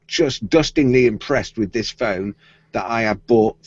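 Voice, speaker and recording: A middle-aged co-host of a tech podcast playfully tells a story during casual tech chat, acting out the voices of the people in it. His mid-range voice is unhurried and slightly rough. The podcast audio is dry and slightly muffled.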